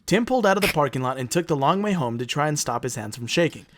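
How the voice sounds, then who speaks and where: A man's voice: a little high, animated, quick pace, fairly bright tone. A man co-hosting a casual, profane, jokey podcast, reading legends from his notes between banter. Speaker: podcast co-host.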